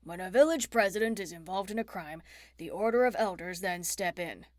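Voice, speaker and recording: A woman's voice: fairly low pitch, expressive, a little fast, darkish tone, no room sound, clean studio sound, natural voice. A woman voicing a stern, formal man who is an official of few words.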